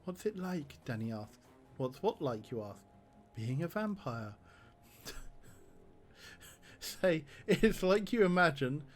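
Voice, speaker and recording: A man's voice: fairly high pitch, expressive, takes it slowly, long pauses, faint music behind. A man streaming a text adventure game, reading the options aloud and laughing often.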